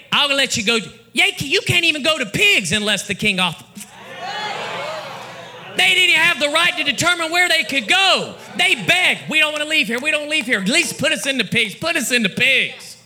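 A man preaching a fervent sermon in a church, building to shouts and breaking into tongues. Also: very high-pitched. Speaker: pastor. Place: church sanctuary.

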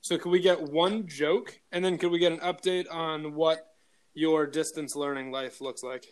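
Friendly guy hosting a school podcast, pretty high voice. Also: steady tone, moderate pace, clean tone. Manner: upbeat, friendly interviewer. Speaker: podcast host. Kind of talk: casual podcast chat.

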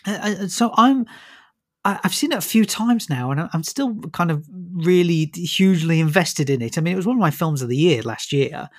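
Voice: medium pitch, expressive, fairly quick, dry recording, clean studio sound. Chatty film reviewer. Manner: enthusiastic, rambling, with frequent restarts. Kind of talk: casual radio-style film review chat.

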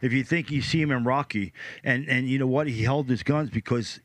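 A man's voice: medium pitch, brisk, no room sound. An older man from the United States, a podcast guest telling casual stories in a rambling way, full of repeated words and quoted dialogue. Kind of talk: casual storytelling.

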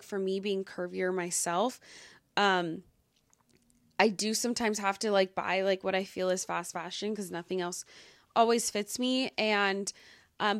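A young woman hosts a podcast of casual commentary, full of fillers and gushing enthusiasm. Her medium-pitched voice comes through clean studio sound with no echo.

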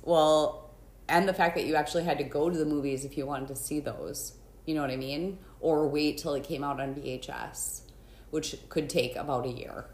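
A woman's voice: deep voice, steady tone, moderate pace, darkish tone. A middle-aged woman co-hosting a podcast, chatty and laughing often. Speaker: podcast co-host. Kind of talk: casual chat. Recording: echoey room.

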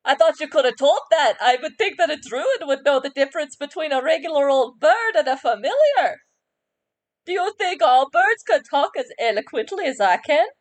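Woman playing a high, indignant bird familiar, proud and fussy. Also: animated, normal speed. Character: haughty talking bird familiar.

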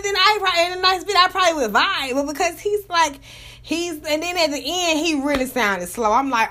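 A woman from Georgia with a Southern US accent, giving casual, profane reaction commentary in fast, rambling bursts that keep cutting themselves off. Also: very high voice, animated, bright, forceful tone. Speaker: vlogger reviewing rap tracks.

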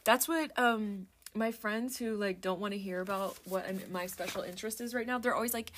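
A woman's voice: mid-range voice, brisk, few pauses, fairly bright tone, slight background noise. A woman vlogger in casual chat, rambling and interrupting herself as she browses a book and reads lists aloud in a musing murmur. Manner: rambling, self-interrupting, chatty.

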